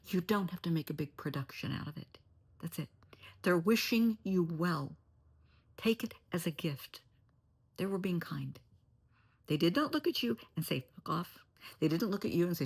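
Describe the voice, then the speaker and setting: An older woman, a therapist, talking in a casual vlog from her lakeside home in a blunt, opinionated way, with a gravelly voice. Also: lowish voice, animated, normal speed, pauses often. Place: lakeside home, indoors, early morning.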